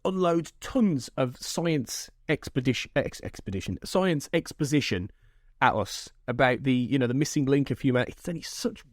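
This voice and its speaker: A man's voice: mid-range voice, moderate pace, no echo, clean studio sound. A man hosting a podcast, talking in a rambling, self-interrupting way with frequent laughter. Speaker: podcast host. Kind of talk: casual chat.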